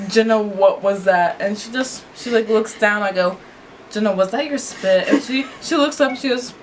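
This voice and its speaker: A woman co-hosting a casual fan review video, telling stories in an animated way with lots of laughter and "like". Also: a little high, normal speed. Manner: laughing, animated storytelling full of "like". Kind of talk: casual chat. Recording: distant mic with clear background noise.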